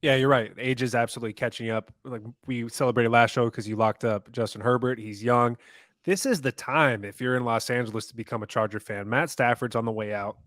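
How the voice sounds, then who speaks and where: A man's voice: medium pitch, steady tone, a little fast, fairly bright tone, no echo, clean studio sound. Easygoing male sports podcast co-host. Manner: easygoing and agreeable, chats with his co-hosts. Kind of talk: casual sports talk.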